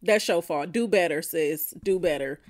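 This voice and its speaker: A woman's voice: on the low side, normal speed. A woman hosting a podcast, reacting bluntly and profanely to listener answers, often laughing. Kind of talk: casual reaction chat.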